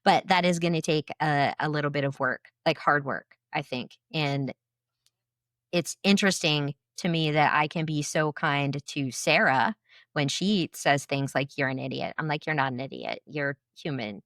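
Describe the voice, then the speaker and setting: A woman's voice: low-pitched, a little slow, a bit bright, no echo, clean studio sound. A woman co-hosting a podcast, talking in an earnest, reflective way and repeating words for emphasis. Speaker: podcast co-host. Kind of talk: casual chat.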